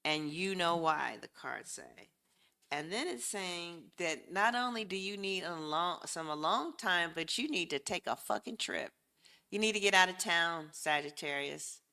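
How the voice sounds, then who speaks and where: A woman reads tarot cards in a loose, chatty way, cursing freely and speaking straight to her viewers. Her voice sits a little low but sounds bright, and she takes her time. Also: lively intonation, a little slow, vocal fry, smooth. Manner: blunt, profane and chatty; addresses viewers directly and warmly. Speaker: tarot reader. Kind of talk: casual live tarot reading.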